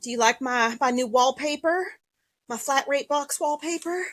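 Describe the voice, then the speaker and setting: A woman hosting a casual livestream sale from a basement, talking in a mock-calm, sarcastic way with sighs and throat-clearing. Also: sits high, normal speed. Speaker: livestream seller and host. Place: home basement room.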